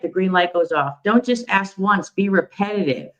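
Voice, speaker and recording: A woman guest in a casual video-call chat, plainspoken and lively when explaining. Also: mid-range voice, normal speed, lo-fi sound.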